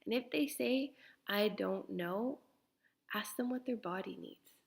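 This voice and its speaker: A middle-aged woman, a parenting coach, talking earnestly to parents and dropping now and then into soft whispers. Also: mid-range voice, a little slow, creaky. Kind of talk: casual talk to parents.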